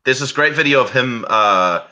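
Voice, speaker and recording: A man's voice: medium pitch, expressive, moderate pace, a crowd in the background. A man with a New Zealand accent, a guest on an online chat show, telling rambling stories with chuckles. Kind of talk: casual chat.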